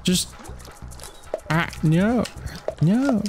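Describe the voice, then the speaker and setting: A man's voice: high voice, lively intonation, very slow, music in the background. A man giving casual, chatty commentary while playing a video game, talking to himself and to the creatures on screen. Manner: chatty self-talk, talks to game creatures, frequent laughs. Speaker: let's play gamer.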